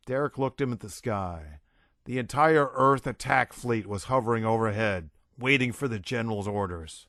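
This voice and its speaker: A man's voice: on the low side, lively intonation, normal speed, fairly bright tone, dry recording. Man narrating an audiobook, dry sound.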